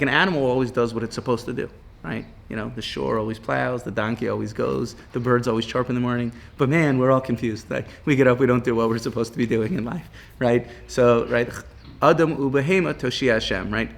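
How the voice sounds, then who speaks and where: A man's voice: medium pitch, creaky. Male Torah teacher, informal class; chatty, keeps asking "right?", laughs easily. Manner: casual, peppered with "right?" and "you know"; reads Hebrew text aloud, then explains it in English.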